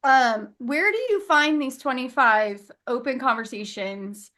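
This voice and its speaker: A woman with a Southern American accent hosts a virtual summit, asking rambling questions in a chatty way. Her voice sits a little high. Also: a little slow, fairly bright tone. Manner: chatty, many fillers, laughs easily. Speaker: summit host. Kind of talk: casual chat.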